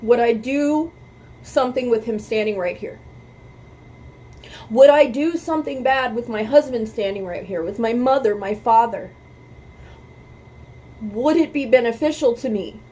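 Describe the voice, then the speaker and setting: A woman's voice: fairly high pitch, measured pace, pauses often, warm tone, husky, poor audio. A woman hosting a music reaction video, talking earnestly about faith and repeating her points for emphasis, close to tears. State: emotional, near tears. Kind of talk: heartfelt talk to camera about faith.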